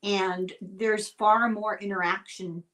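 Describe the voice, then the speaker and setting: A woman born in Ireland, chatting casually and telling animated stories with laughter. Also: medium pitch, slow pace. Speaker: guest storyteller. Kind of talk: casual chat. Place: rural United States.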